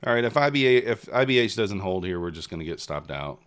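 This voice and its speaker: A man's voice: fairly low pitch, expressive, fast talker, fairly bright tone, smooth. A man giving casual live commentary on his day trading, muttering at the market in frustration. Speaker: day trader streaming live.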